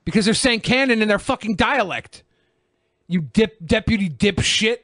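A man with a high voice that swings widely, riffing crude insults in comedic banter. He laughs easily and swears freely. The sound is dry and close, with no room around it. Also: lively intonation, fairly bright tone, dry recording. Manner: profane, mocking, quick to laugh. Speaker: podcast co-host.

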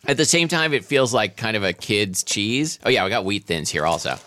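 A man with a bright, forceful voice and a lowish pitch, chatting casually as a podcast co-host. He keeps stopping and restarting his sentences. The sound is close and dry. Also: expressive, brisk, no room sound. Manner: hesitant, many restarts and fillers. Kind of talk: casual chat.

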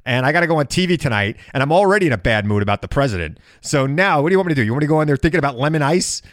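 A man's voice: fairly high pitch, animated, racing, no room sound, clean studio sound. A man from New York hosting a podcast, talking politics in casual, joking banter. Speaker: podcast host.

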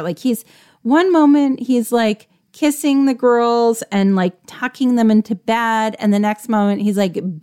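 A woman's voice: fairly high pitch, a little mellow. A woman co-hosting a casual discussion, reflective and chatty, leaning on lots of filler words. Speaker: podcast co-host.

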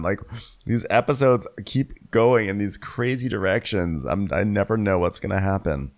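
A man's voice: low voice, normal speed. A man co-hosting a podcast, chatting casually and laughing often as he recaps. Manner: animated, laughs often, mimics others. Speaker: podcast co-host.

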